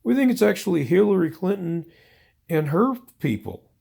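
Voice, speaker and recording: A man mimicking a defensive political spokesperson in a high, flustered, dismissive voice. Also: very animated, normal speed, gravelly, mellow, breathy edge, exaggerated voice. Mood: flustered denial.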